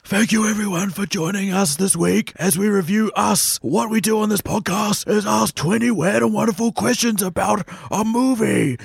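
A man voicing a creepy, raspy horror-film double, telling the intro like a slow, ominous fairy tale. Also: high-pitched, no echo, studio quality, pitched above the performer's own voice, exaggerated voice. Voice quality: gravelly, slow and creaky. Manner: drawn-out, ominous storybook delivery.

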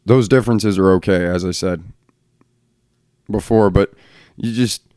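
Man, middle-aged, podcast host, blunt profane rant, smooth voice, dry room. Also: fairly low pitch, a little slow, darkish tone, dry recording. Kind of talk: casual solo podcast rant. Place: bright home room.

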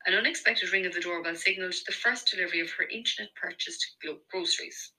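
A woman with an Irish accent narrating a romance novel in an even storytelling delivery. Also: lowish voice, quick pace, poor audio. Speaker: audiobook narrator. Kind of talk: scripted narration.

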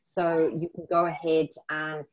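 A woman's voice: deep voice, monotone, a little slow, lo-fi sound. A woman with a mixed South African and Scottish accent, hosting an interview in an upbeat, effusive way. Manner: upbeat, effusive, with warm praise. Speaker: interview host. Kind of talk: casual interview chat.

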